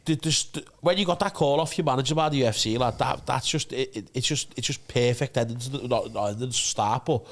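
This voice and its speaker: Fast-talking rambling man. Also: medium pitch. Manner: rambling, sweary, with many fillers. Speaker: podcast co-host. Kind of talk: casual chat.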